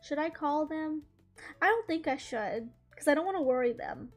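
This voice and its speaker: A woman's voice: high-pitched, expressive, normal speed, faint music behind. A young woman telling a story while drawing, rambling with lots of fillers and frequent giggles. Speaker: YouTuber.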